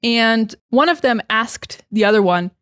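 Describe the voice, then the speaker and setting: A woman's voice: on the high side, measured pace, a bit bright, smooth, no echo, clean studio sound. A young American woman teaching English in a casual podcast style, chatty and full of fillers and restarts.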